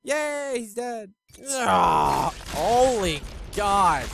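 A gaming channel host giving let's-play commentary, excitable and foul-mouthed, swinging from low muttering to sudden yells. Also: normal speed, long pauses. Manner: excitable, swings between muttering and yelling, swears freely.

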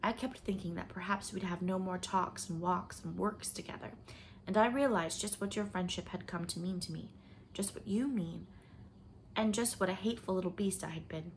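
A woman voicing a troubled young woman confessing with deep feeling, sometimes sinking to a whisper. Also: moderate pace, slight background noise, lightly acted. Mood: anguished. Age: young adult. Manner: emotional, at times dropping to a whisper.

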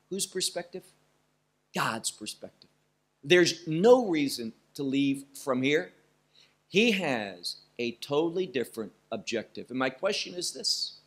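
Animated, slow-paced male Bible teacher. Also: fairly high pitch. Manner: emphatic preaching, stressing single words with pauses.

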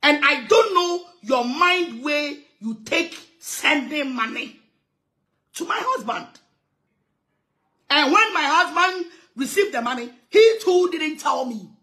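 A woman's voice: sits high, lively intonation, slow pace, bright, forceful tone. A Ghanaian woman evangelist making an emphatic, aggrieved complaint, repeating her points. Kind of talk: impassioned complaint.

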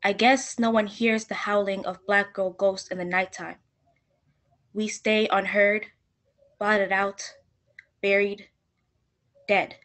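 A woman's voice: medium pitch, fairly bright tone. Woman performing spoken-word poetry. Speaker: student, speech and debate.

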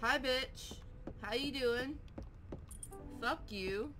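A woman playing a horror game who curses, shouts and laughs at jumpscares and taunts the monster. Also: high-pitched, drawn-out words. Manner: taunts the game character mockingly. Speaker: gameplay streamer. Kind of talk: let's play commentary. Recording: faint game music behind.

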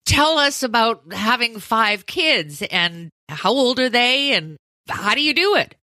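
A middle-aged woman co-hosts a podcast and tells family stories with a laugh. Her bright voice swings lively in pitch. The sound is dry and close. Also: takes it slowly, no room sound. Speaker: podcast co-host. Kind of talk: casual chat.

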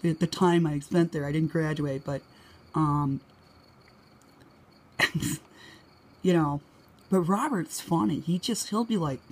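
Speaking slowly with frequent pauses, a middle-aged New England woman with a somewhat mellow voice vlogs from home. She chats through rambling personal stories, laughs often, and acts out quoted lines in a higher voice.

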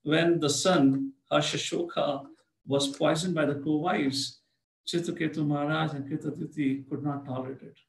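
A man's voice: a little high, steady tone, moderate pace, vocal fry. A man lecturing on scripture, telling stories and acting out the characters. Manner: storytelling, acts out characters. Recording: echoey room.

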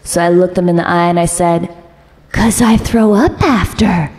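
A young woman performing a stand-up comedy set, delivering deadpan one-liners and jumping high in pitch when she acts out other people. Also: moderate pace, long reverb tail, background noise. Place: comedy club stage.

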